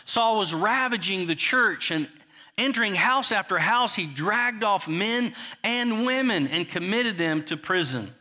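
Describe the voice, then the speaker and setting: Man preaching, chatty and loose, bright sharp voice on the high side, lots of "you know"s. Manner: conversational, asks the congregation questions; frequent restarts and "you know" asides. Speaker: pastor. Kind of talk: sermon.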